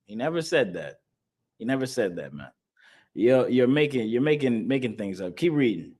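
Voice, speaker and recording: A man teaching a scripture class in a forceful, preaching style, repeating his points and laughing between them. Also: medium pitch, big pitch swings, moderate pace.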